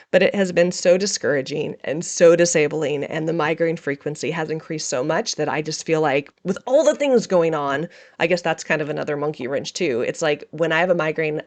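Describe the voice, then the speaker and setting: A middle-aged woman hosting a podcast, talking candidly and emotionally about her day in a casual monologue, laughing often. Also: sits low. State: emotional, feeling raw. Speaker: podcast host.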